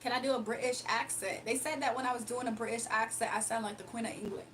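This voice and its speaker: A woman's voice: fairly high pitch, steady tone, fast, a bit bright, slight background noise. A young woman livestreamer chatting casually and reading her chat aloud, sarcastic and playful, laughing often.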